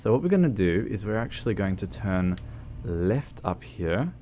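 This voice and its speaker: Chatting on a livestream as he drives in a game, this New Zealand streamer rambles with plenty of fillers and restarts and makes jokes at his own expense. His fairly low, warm voice is very animated and moves at a normal speed. A little hiss or hum sits in the recording.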